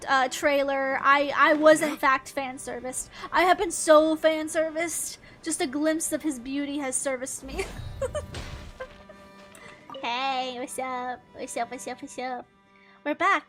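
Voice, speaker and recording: A young woman casually commentating her gameplay, excitable and rambling, with frequent giggles and sudden yelps. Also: sits high. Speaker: gaming channel host. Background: game music.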